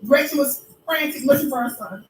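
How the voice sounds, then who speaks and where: A woman's voice: sits high, a little fast, distant mic, a little hiss or hum. A woman vlogger telling a mocking story in an emphatic, preacher-like way, recorded in an echoey room away from the mic with faint music. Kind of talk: storytelling commentary.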